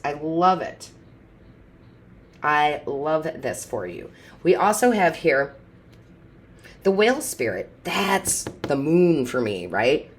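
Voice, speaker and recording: A woman reading tarot cards intuitively and speaking straight to her viewers in a chatty, upbeat way, with big swings in pitch and loudness. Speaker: tarot reader and medium.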